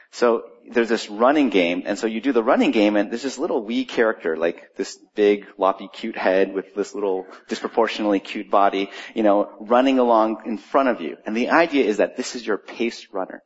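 A middle-aged man preaching in church, opening with a quiet prayer, then telling a story in a conversational, animated way. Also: lowish voice, breathy edge. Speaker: pastor. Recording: dull lo-fi church recording.

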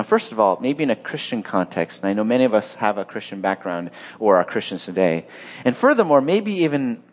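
Animated man preaching a sermon. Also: medium pitch. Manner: animated, acts out quoted voices, repeats words. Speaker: pastor.

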